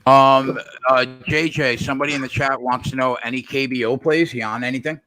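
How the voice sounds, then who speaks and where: A man's voice: mid-range voice, steady tone, fairly quick, bright, forceful tone, dry recording. A man co-hosting a casual betting podcast, asking questions in an easygoing way.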